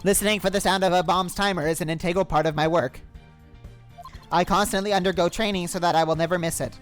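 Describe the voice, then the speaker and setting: A man's voice: high-pitched, fairly even intonation, fast talker, fairly bright tone, faint music behind. A man voicing a sleazy, smug male bomb expert, his voice pushed back into the throat. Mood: solemn.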